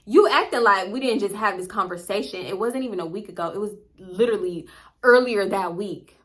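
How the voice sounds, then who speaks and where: A woman's voice: mid-range voice, brisk, a bit bright. A young woman vlogger telling a storytime casually, chatty and slangy, swearing freely and acting out what people said.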